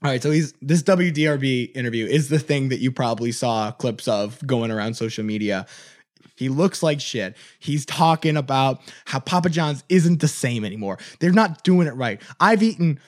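A man's voice: medium pitch, expressive, moderate pace. A man with a Chicago accent co-hosting a comedy podcast, rambling through a story and laughing as he talks. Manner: rambling, laughs mid-sentence, does mock quotes. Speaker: podcast co-host. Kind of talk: casual comedic chat.

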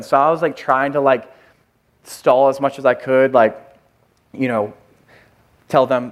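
A pastor telling a personal story in a conversational sermon, with many fillers and restarts. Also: male voice, fairly high pitch, normal speed.

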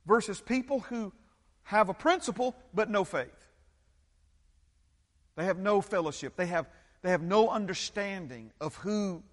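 A man preaching a sermon as pastor, emphatic and repetitive, often checking in with the congregation. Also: sits high. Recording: long hall reverb.

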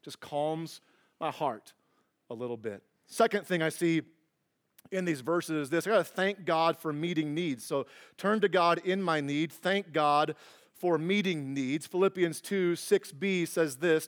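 A middle-aged man preaching a sermon as pastor, earnest and conversational, dropping to a hushed, tender near-whisper in his quieter passages. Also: a little high, measured pace.

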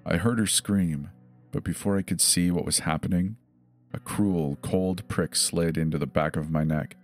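A man telling a horror story in a measured, grave first-person narration. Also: deep voice. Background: faint music.

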